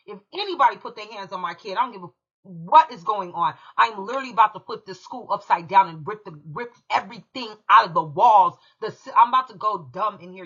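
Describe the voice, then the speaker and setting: A woman's voice: mid-range voice, fairly bright tone, husky, muffled recording. A woman from California, a channel host telling a heated personal story in an emphatic, profane way. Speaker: true crime commentary channel host.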